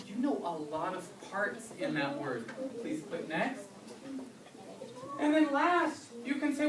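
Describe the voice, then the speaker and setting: A woman's voice: a little high, very animated, a little slow, crowd noise. A woman reading teacher presenting to parents and patiently acting out child and parent prompts. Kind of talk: live presentation to an audience. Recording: echoey room, speaker far from mic, audible background noise.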